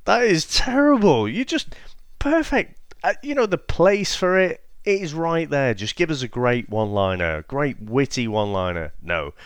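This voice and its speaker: A man's voice: mid-range voice, moderate pace, clear, resonant tone, dry recording. Man, podcast co-host, hugely swinging intonation, dry recording, laughing storyteller. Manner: animated storyteller, laughs at his own jokes. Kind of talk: casual film review chat.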